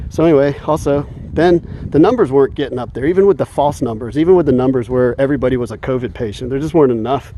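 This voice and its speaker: A man's voice: medium pitch, warm tone, slight background noise. A man vlogging while walking outdoors in the evening, talking in a heated, indignant way and chuckling often between points. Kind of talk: casual rant while walking.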